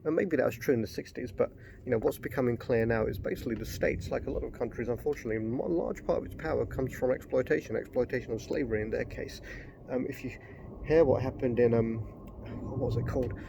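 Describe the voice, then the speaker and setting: A man's voice: medium pitch, fast, gravelly, noisy background. A middle-aged man giving a casual spoken book review, rambling, getting worked up and swearing.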